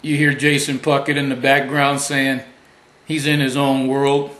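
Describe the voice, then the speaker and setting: Slow-talking taunting man in a roomy echo. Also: mid-range voice, level tone, a bit bright. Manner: taunting, boastful. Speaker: public-access show host. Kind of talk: commentary on a radio clip.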